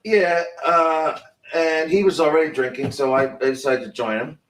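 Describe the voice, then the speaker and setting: An actor playing a hesitant male film director who tells an anecdote in halting bursts, full of restarts and fillers. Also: fairly high pitch, steady tone, natural voice. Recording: roomy, distant mic.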